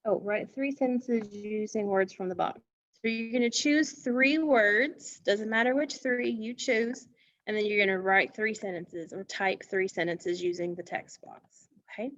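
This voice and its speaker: A woman teacher walks young children through a phonics lesson at a very unhurried pace, drawing out each word so they can hear the sounds. The recording is dull and lo-fi, with a dry, close sound and no room echo. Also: medium pitch, a bit bright. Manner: slow, deliberate, encouraging, stretches words for emphasis.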